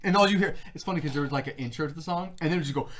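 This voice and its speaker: A young man co-hosting a live stream, chatting casually in a rambling way. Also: racing. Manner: rambling, animated, jumps between pitches. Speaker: co-host.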